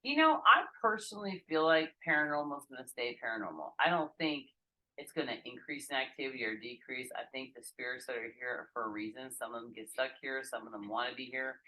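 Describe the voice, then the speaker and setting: A middle-aged woman, a podcast guest telling stories in casual chat, animated and profane, acting out quotes, recorded outdoors in a backyard. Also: extremely low pitch, quick pace, poor audio.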